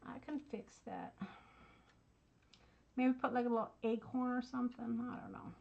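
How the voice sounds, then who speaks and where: A woman's voice: a little high, fairly even intonation, moderate pace, creaky, muffled recording. A woman, chatting casually and teasing herself while crafting at her home desk. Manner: chatty, self-mocking, talks to viewers as y'all. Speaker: craft channel host.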